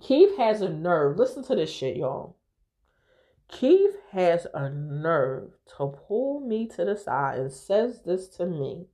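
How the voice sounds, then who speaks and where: A young woman telling a personal story on her podcast in a candid, profane, lively way. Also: on the low side, slow. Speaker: podcast host. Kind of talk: casual storytelling to listeners.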